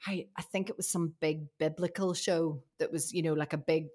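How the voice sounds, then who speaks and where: Northern Irish actress guest, lively storyteller, lowish pitch, casual pod chat. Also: female voice, normal speed. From Northern Ireland. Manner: chatty, animated storytelling with laughs.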